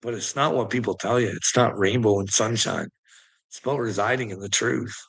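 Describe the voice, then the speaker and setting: A man's voice: lowish voice, fairly quick, creaky, husky. A man delivering a profane, taunting rant as an online commentator, mocking his listeners with laughs and repeating words for emphasis. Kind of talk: ranting monologue to camera.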